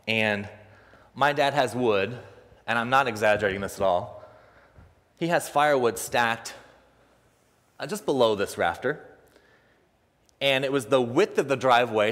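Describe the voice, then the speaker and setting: A young man preaching a sermon, telling a personal story in an animated way and acting out the other people's voices, laughing often. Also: mid-range voice. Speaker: pastor. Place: church sanctuary. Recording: long reverb of a church hall.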